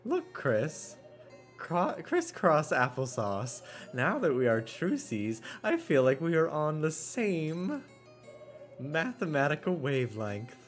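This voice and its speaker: Un hombre haciendo de reina robot vanidosa y rígida. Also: male voice, a little high, wildly swooping pitch, slow pace, soft background music, heavily acted. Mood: wistful scheming. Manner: stiff formal wording, no contractions. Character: vain robot queen, grandiose, scheming.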